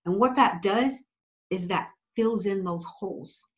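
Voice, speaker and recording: A woman's voice: medium pitch, measured pace. A woman guest on a podcast giving earnest, preacherly advice, stressing her points by repeating phrases. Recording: slightly dull lo-fi audio.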